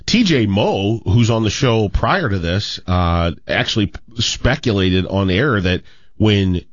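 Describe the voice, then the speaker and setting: Guy sports radio host, kinda low voice, rambly chat, lo-fi dry studio. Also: lively intonation, slow pace, dry recording.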